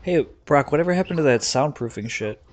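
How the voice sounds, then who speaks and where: A man's voice: a little high, lively intonation, brisk. A man hosting a casual podcast chat on a conference call while gaming, steering topics and asking questions. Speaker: podcast host. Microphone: computer headset on a conference call.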